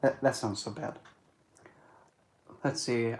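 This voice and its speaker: Chatty blunt man with dark jokes. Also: medium pitch, steady tone, takes it slowly, long pauses. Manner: chatty and blunt, darkly joking, self-correcting. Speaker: occult and astrology vlogger. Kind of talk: casual monologue.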